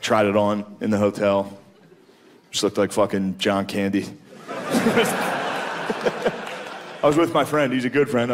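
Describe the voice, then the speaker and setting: A man doing a stand-up comedy set, profane and self-mocking, jumping into high voices when he quotes people. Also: fairly even intonation, normal speed, background noise. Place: comedy club stage with a live audience. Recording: roomy club with loud crowd laughter.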